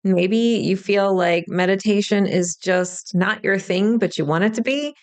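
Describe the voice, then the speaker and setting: Speaking at a measured pace in a mid-range voice, a female podcast host and spiritual teacher chats casually on her own show. She speaks straight to the listener, warm and reassuring.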